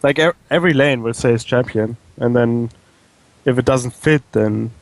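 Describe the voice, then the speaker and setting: A man's voice: mid-range voice, normal speed, no room sound, rough recording. A young man from Denmark, a pro gamer guest, answering questions hesitantly with many fillers. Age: young adult. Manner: hesitant, relaxed, filler-heavy.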